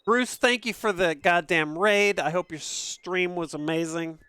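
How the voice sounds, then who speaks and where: A man casually commentating a game stream from an upstairs room at home, excitable and profane, laughing often. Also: high-pitched, a little slow, smooth, no echo.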